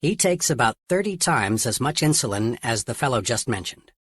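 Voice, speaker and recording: A man reading a self-help audiobook in a steady, earnest narration. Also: medium pitch, normal speed, breathy edge, no echo, clean studio sound.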